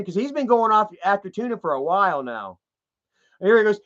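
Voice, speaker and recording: A man's voice: sits high, sing-song, a little fast, a bit bright. A man giving profane, heated commentary to his viewers, ranting as he browses online pages. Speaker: commentary vlogger. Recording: dull lo-fi sound.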